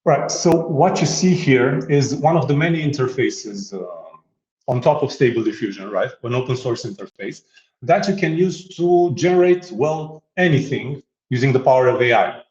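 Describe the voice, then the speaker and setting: A man walks through a software demo in easy conversation, joking and laughing as he goes. He stumbles and restarts often. The audio is roomy and slightly muffled. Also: mid-range voice, animated, normal speed. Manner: playful, laughs often, many filler restarts. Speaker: guest demonstrating software. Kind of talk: casual tech demo chat.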